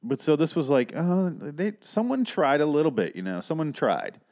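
A man's voice: on the high side, wildly swooping pitch, brisk, darkish tone. A man in his thirties casually recapping a film, sarcastic and exasperated, swearing freely. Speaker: film reviewer.

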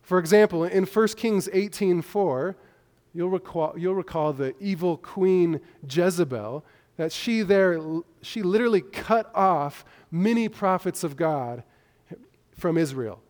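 A man preaching a measured expository sermon, walking through a passage point by point with small restarts. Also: high voice, darkish tone. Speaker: pastor. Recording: long echo of a hall.

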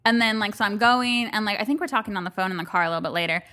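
A woman's voice: medium pitch, racing, pushed and bright. A woman co-hosting a casual chat podcast, telling stories with lots of swearing and frequent laughter. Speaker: podcast co-host.

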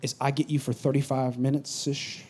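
A pastor preaching a sermon, swinging from loud urgent bursts to low confiding asides. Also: male voice, level tone, brisk, breathy edge.

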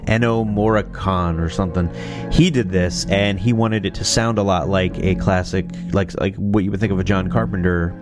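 Rambling, low-voiced man with music behind. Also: steady tone, moderate pace. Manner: rambling, self-correcting, swears casually, chuckles. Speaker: host. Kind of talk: casual chat reacting to movie themes. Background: faint music playing.

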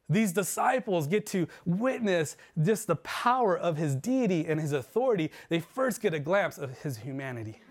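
A man preaching a sermon as a pastor, earnest and building, often dropping his voice low and soft for emphasis. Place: church livestream.

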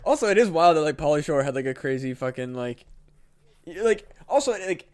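A man's voice: fairly high pitch, expressive, fairly quick, a little mellow. Profane male co-host riffing on jokes. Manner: profane, riffing, full of fillers like "like". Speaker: podcast co-host. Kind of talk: casual comedy podcast chat.

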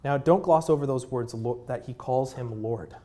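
A man in his thirties preaching a sermon in a conversational way, with fillers, dropping to a hushed voice at tender moments. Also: medium pitch, normal speed. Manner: drops to a hushed voice at moving moments. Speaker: pastor.

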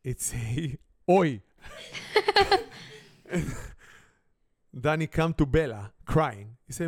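A man's voice: fairly high pitch, animated, slow pace, pauses often, darkish tone, dry recording. A middle-aged man from Israel with an Israeli accent and broken English grammar, a native Hebrew speaker hosting a playful family spelling game and telling a comic story. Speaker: family game show host.

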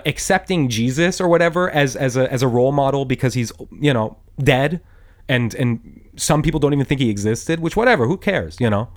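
Profane ranting man, swinging pitch. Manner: profane, blunt, rambling with restarts. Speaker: podcast host. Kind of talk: angry rant monologue.

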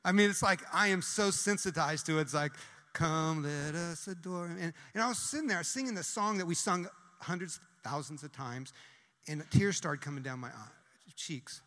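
Man preaching, high and sharp-toned, quick with lots of restarts, long hall reverb. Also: lively intonation. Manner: talks fast, many restarts and repetitions. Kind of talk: sermon.

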